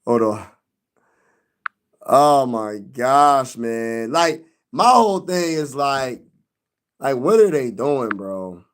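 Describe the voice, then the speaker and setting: A man's voice: medium pitch, expressive, slow pace, pauses often, slight background noise. A young man hosting a sports live stream, venting loosely in slang and talking back to his chat.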